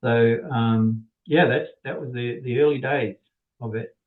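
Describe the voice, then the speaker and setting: A man's voice: medium pitch, fairly even intonation, a little slow. Guy inventor rambling through a story, lots of restarts, tinny phone-line audio. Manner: rambling, with many restarts and little laughs. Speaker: inventor, podcast guest. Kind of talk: casual storytelling.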